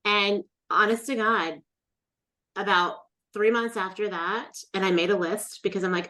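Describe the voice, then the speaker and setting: Unhurried, with a medium-pitched voice, a middle-aged woman relates a personal experience as a guest in a casual interview. She's an animated storyteller who imitates the people she quotes.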